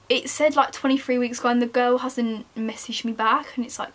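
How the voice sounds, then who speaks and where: Young woman with a higher voice, casual vlog chatter, joking at her own expense. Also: fairly even intonation, brisk, hardly any pauses, fairly bright tone. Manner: chatty, self-mocking, talks to herself while browsing. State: chilly, wrapped in a jacket. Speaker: vlogger. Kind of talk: casual shopping vlog chat.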